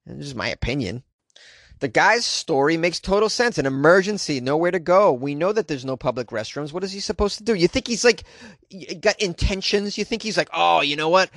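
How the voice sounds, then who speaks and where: A young adult man hosting a comedy podcast from a closet, riffing in an animated, self-mocking way. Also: on the high side, fairly quick, no room sound, studio quality. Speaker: podcast host.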